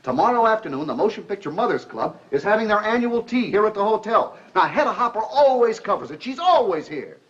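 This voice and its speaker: A man's voice: high voice, sing-song, a little fast, few pauses. A man playing a brash, salesy Hollywood press agent in a 1950s sitcom. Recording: lo-fi 1950s TV audio.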